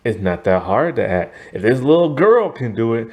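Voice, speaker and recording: A man's voice: medium pitch, sing-song, normal speed, a little mellow. A man giving a casual, rambling TV review, tired and yawning, full of asides and fillers. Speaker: TV show reviewer.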